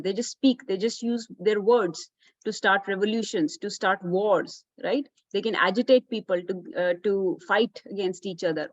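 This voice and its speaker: A woman's voice: mid-range voice, no room sound, highs cut off. A woman teaching a children's class, explaining patiently and often checking in with "right?".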